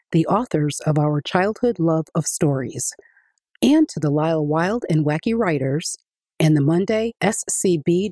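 A woman reading a children's picture book aloud in an expressive storytelling voice. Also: deep voice, dry recording, studio quality.

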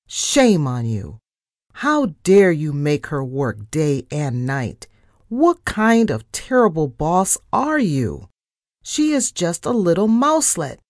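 A woman voicing a famous male rat rock star from a storybook, who snaps and scolds loudly. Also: fairly low pitch, very animated, measured pace, no room sound, studio quality. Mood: scolding. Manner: snapping, indignant, loud.

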